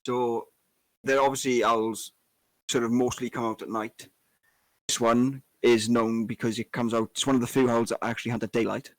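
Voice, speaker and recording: A man's voice: medium pitch, little pitch movement, moderate pace, no echo, low-quality recording. A man co-hosting a casual podcast chat, rambling with lots of fillers and restarts. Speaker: co-host.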